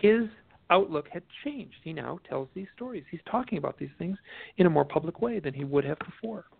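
A man, an author and guest expert, telling a story in an animated, rambling way with many restarts. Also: fairly high pitch, a little fast, gravelly, husky. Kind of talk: storytelling interview chat. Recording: tinny phone line.

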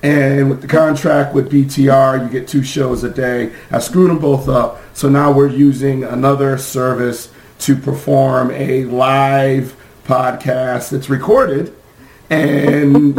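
A man hosting a sports podcast, hoarse from screaming, ranting in a fired-up, profane way with many fillers. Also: medium pitch, a little mellow, reverberant, low-quality recording. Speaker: podcast host.

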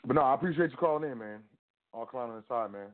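A man hosting a call-in show, chatting casually and thanking callers in a relaxed way. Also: medium pitch, fast. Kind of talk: casual call-in radio chat. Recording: phone-like line with faint music.

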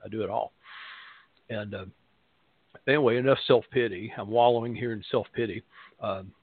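On his spiritual radio show, a Southern-accented, middle-aged pastor rambles in a casual monologue packed with fillers and jokes at his own expense. He speaks at a normal pace in a low, husky voice with fairly even intonation, and the sound is dry, narrow and phone-like with no room sound.

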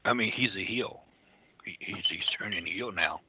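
A man's voice: low-pitched, normal speed, background noise. A man co-hosting a comedy radio show, stammering and exasperated as he mock-interviews a guest. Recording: tinny phone-like lo-fi recording.

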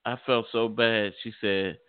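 A man's voice: lowish voice, flat delivery, unhurried, clear, resonant tone. A middle-aged man in casual chat, stammering and laughing as he tells stories. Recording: tinny phone-like audio.

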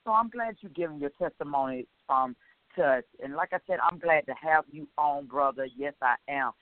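A woman hosting a faith-based interview, talking in an emphatic, expressive way. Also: sits low, a little fast, no room sound. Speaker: radio show host. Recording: tinny phone line.

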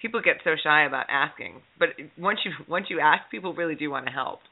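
A man hosts a podcast chat in a slightly high, upbeat voice, encouraging his guest. The sound comes through thin and narrow, like a phone. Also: expressive, a little fast, gravelly. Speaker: podcast host. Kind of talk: casual podcast interview.

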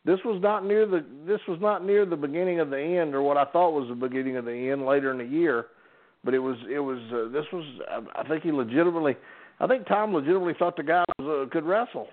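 An older man who used to referee wrestling tells folksy stories on a podcast in a slightly high voice at a quick pace. He restarts often, and the sound is narrow, like a phone line.

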